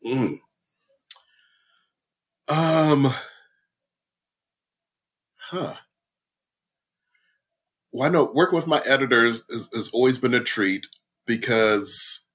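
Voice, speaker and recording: A man, an author and middle school teacher, telling animated stories as a podcast guest, laughing often and mimicking his students. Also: medium pitch, breathy edge. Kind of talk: casual storytelling interview.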